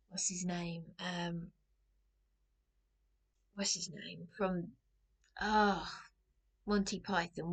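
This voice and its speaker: A middle-aged woman chats to camera in a loose, rambling way. Her voice has a gravelly fry, and she keeps breaking off and restarting in an anxious manner. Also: on the low side. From England. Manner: anxious, rambling, self-interrupting. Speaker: vlogger. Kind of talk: casual storytelling to camera.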